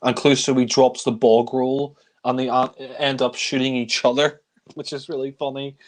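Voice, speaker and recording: A man's voice: medium pitch, flat delivery, normal speed, slight background noise. A man reviewing films in a casual, rambling way, chuckling often and using many fillers. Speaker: film reviewer. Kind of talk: casual film discussion.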